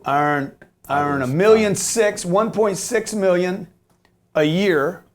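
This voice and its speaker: A slow, high-pitched male voice comes through with a bit of hiss or hum in the background. The speaker, a man in his fifties, gives animated business talk on real estate investing, emphatic and repetitive, often asking "okay?" and cursing in jest.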